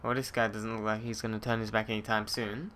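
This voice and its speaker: A man's voice: lowish voice, flat delivery, fast, a bit bright, a little hiss or hum. A young man commentating on his gameplay, muttering and swearing at the game in frustration. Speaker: let's play gamer.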